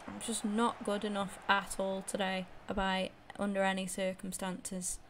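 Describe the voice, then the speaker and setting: Young woman gamer, rambling self-critical stream talk, mid pitch, slight hiss. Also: completely flat delivery, normal speed, hardly any pauses. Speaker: game streamer. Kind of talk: live gameplay commentary.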